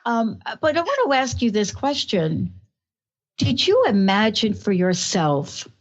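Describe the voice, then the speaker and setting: Woman, New York accent, talk radio host, effusive, rambling, mid-pitched voice, muffled broadcast sound.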